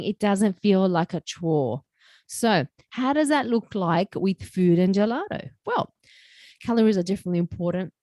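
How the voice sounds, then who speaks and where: A woman's voice: medium pitch, darkish tone, dry recording. Jokey, chatty woman podcaster. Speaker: podcast host. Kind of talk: casual solo podcast talk.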